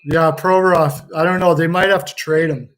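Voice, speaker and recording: A man's voice: a little high, fairly even intonation, normal speed, a bit bright. A man hosting a casual hockey watch-along stream, joking, laughing often and swearing freely. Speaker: livestream host.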